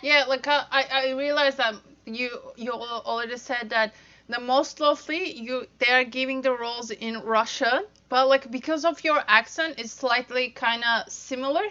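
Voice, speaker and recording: Bright high-voiced host, searching for words. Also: female voice, fairly even intonation, normal speed, lo-fi sound. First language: Turkish. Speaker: podcast host. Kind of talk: casual interview chat.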